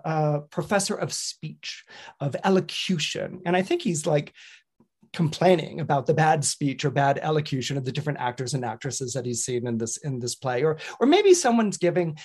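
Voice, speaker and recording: A man's voice: fairly high pitch, a little mellow. A man, an astrologer, telling a story in a casual, rambling way, with frequent restarts and repeated words. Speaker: astrologer and guest commentator.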